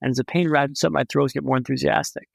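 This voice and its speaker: A man's voice: mid-range voice, steady tone, fast talker, gravelly, dry recording. A young man, a podcast guest, telling a story in a vivid, dramatic way with wry humor. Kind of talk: storytelling in a conversation.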